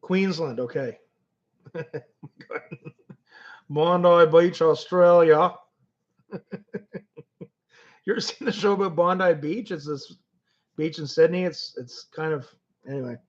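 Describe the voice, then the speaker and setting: A man's voice: a little high, normal speed. A man from Canada hosting a casual livestream, chatting with viewers and rambling through stories with lots of restarts. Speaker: livestream host. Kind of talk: casual livestream chat reading comments. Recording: dull lo-fi stream audio.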